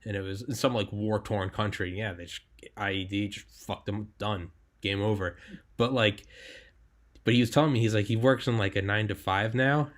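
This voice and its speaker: Low-voiced profane podcast host. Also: male voice, normal speed. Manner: animated, profane, heavy use of "like". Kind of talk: casual podcast chat.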